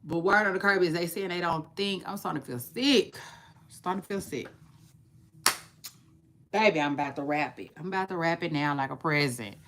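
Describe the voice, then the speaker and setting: A woman's voice: on the low side, normal speed, pauses often, a bit bright, a little hiss or hum. A woman vlogger chatting casually about celebrity gossip, repeating phrases and drawling her asides.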